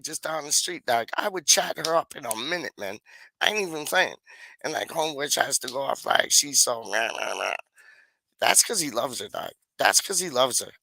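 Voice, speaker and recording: Young guy rambling, gravelly voice, bright edge, dry close sound, says dog a lot. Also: medium pitch, dry recording. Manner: slangy, rambling, repeats "dog" and "like". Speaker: YouTuber. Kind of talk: rambling casual monologue.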